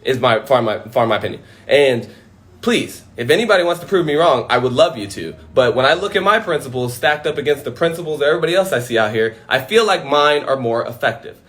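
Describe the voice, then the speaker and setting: A man's voice: medium pitch, a little fast. A man on a casual livestream from home, talking emphatically and swearing freely into a phone. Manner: animated, profane, emphatic. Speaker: livestream host.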